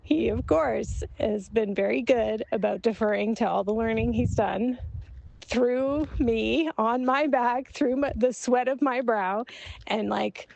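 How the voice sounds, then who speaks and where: A woman speaks into her phone in an unhurried, confessional voice memo, her slightly high voice carrying a gravelly edge. She works through her thoughts out loud, halting often and breaking into soft laughs as she goes. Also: dry recording, muffled recording. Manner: reflective, halting, many fillers and soft laughs. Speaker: author and guest in voice memo exchange.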